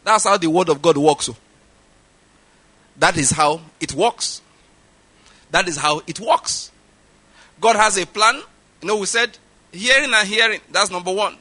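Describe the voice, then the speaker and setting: A man's voice: high-pitched, unhurried, pauses often, bright, forceful tone. A middle-aged man with a Nigerian accent preaching a sermon, stressing his points and repeating them for emphasis. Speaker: pastor.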